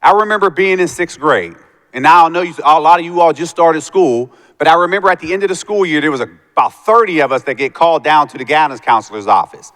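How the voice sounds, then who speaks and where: A man's voice: on the high side, fast talker, fairly bright tone. A man giving a motivational talk to students, telling his life story and acting out the voices of the people in it. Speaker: motivational speaker. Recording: long hall reverb.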